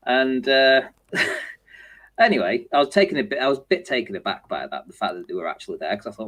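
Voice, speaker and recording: Lively man telling a story. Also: medium pitch, a little fast. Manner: animated, laughs often, acts out others' voices. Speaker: show host. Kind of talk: casual podcast storytelling.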